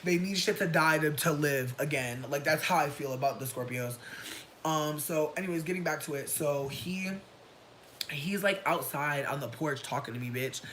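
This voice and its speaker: A person in their thirties telling a story on a casual livestream, profane and animated, breaking into shouts and laughter. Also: medium pitch, normal speed, background noise. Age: 30s. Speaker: livestream host.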